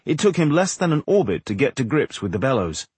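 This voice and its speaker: A man narrating a fantasy audiobook in a measured, expressive storytelling manner. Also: mid-range voice, slightly rough, no room sound. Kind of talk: scripted narration.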